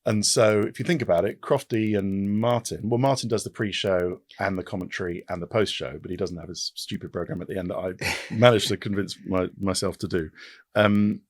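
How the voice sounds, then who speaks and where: Low-voiced animated man. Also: no room sound. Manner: animated, quick restarts and repetitions. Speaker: podcast guest. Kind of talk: casual interview chat.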